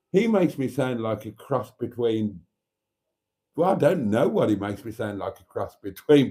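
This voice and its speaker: A man's voice: lowish voice, warm tone. Theatrical Welsh man hosting a live chat. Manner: theatrical, camp, chatty, reads out viewer comments. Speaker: livestream host.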